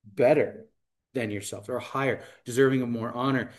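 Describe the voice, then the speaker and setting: A man's voice: mid-range voice, steady tone, moderate pace. A man leading a Bible study group, telling anecdotes in casual talk and acting out what people said. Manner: storytelling, acts out anecdotes.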